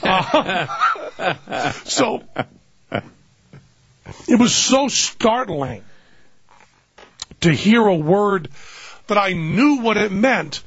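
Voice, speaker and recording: A man's voice: sits high, animated, drawn-out words, pauses often, a bit bright, slightly rough, no echo, lo-fi sound. An older man rambling through a funny anecdote in casual chat, often laughing as he talks. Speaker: guest storyteller.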